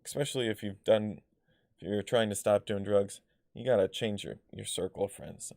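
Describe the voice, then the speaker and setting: A man's voice: lowish voice, normal speed, vocal fry, a little mellow, dry recording, studio quality. A man vlogging personal stories in a casual, rambling way, full of fillers, restarts and blunt swearing. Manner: rambling, filler-heavy, loses his thread.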